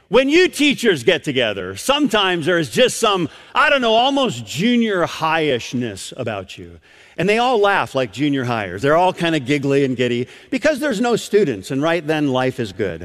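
A middle-aged man preaching a sermon, telling a story and acting out the voices of the people in it. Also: high voice. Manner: animated storytelling, acts out voices. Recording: long hall reverb.

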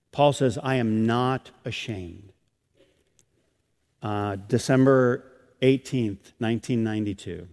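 Middle-aged pastor guy preaching, gets loud and high then goes soft, echoey church hall. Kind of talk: sermon. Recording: long reverb of a hall.

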